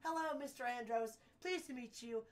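A woman voicing a polite, earnest young courier girl, raising her voice higher and speaking meekly. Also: normal speed, close to an everyday voice. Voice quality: polite, eager, meek.

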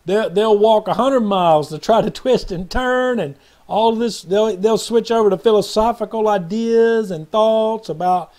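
Man, preacher, high voice, mellow tone, earnest, rambling sermon. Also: unhurried, hardly any pauses. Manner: earnest, rambling, preachy, acts out quotes in a parable. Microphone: webcam or phone video.

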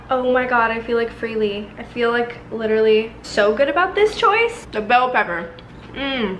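A woman's voice: a little high, expressive, normal speed, a bit bright, slight background noise. A young woman chatting casually to camera in a diet vlog, bubbly and chatty with frequent laughs. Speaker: vlogger. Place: outdoors at home, eating.

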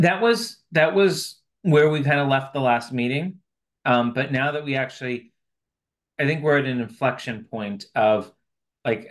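A man chairing a remote committee meeting over a video call, thinking aloud as he hedges and qualifies his points. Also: mid-range voice.

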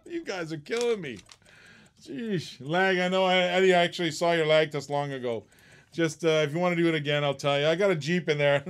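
A man's voice: on the high side, smooth. A man hosting a live-stream auction in casual chat, laughing often and teasing the bidders.

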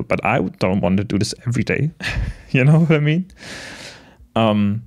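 A man in his late twenties talking to the camera in a casual, reflective monologue, gentle and halting, with many restarts and soft laughs. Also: medium pitch. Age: late 20s. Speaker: vlogger.

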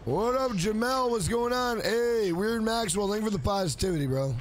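A man's voice: high voice, lively intonation, normal speed, a little hiss or hum. A man around forty, streaming a game live, hyping up and thanking his chat in a casual, profane way. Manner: hyped, profane, reads out viewer names.

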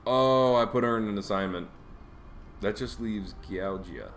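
A man casually commenting as he plays a strategy game, reacting with sudden high exclamations. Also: unhurried, a bit bright, a little hiss or hum. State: has the hiccups. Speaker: gameplay streamer. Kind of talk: casual let's play commentary.

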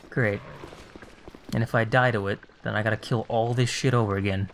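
A man's voice: fairly low pitch, steady tone, fairly quick, fairly bright tone, a little hiss or hum. A man casually commenting on his own gameplay, sarcastic and muttering to himself as he plays. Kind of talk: casual let's-play commentary.

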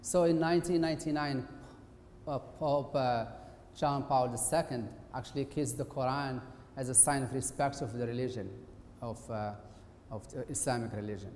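A middle-aged man, a guest lecturer who works as an occupational therapist, gives a presentation in a university auditorium, talking conversationally and somewhat hesitantly. His medium-pitched voice is a little mellow and moves at a normal speed. The echoey hall adds a long, roomy reverb along with faint hiss.

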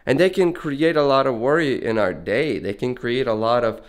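A man's voice: medium pitch, moderate pace. A man talking casually and earnestly in a rambling, reflective monologue while walking around. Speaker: vlogger.

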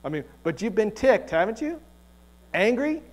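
A man's voice: sits high, big pitch swings, normal speed. A male pastor preaching a conversational sermon in a church, joking and asking the congregation rhetorical questions. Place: church sanctuary.

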